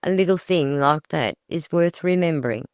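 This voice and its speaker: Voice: medium pitch, normal speed, dry recording, clean studio sound, close to an everyday voice. A narrator reading the part of Ned, a wry, joking young man. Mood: teasing.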